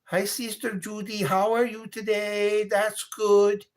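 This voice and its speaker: A man imitating a polite older Caribbean woman greets her friend in a high, lilting voice. She draws out every word slowly. Her friendly manner stays steady throughout. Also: a little hiss or hum.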